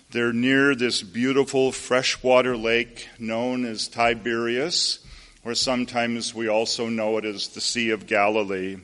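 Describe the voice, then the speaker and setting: A man preaching a sermon, retelling a story in an unhurried way and turning to his listeners with asides. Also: medium pitch, a bit bright.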